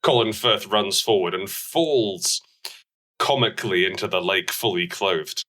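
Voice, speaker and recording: A man improvising a comic film retelling on a podcast, quick-witted and teasing, cutting in with jokes. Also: low voice, sharp tone. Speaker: podcast guest. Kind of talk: improvised comedic storytelling.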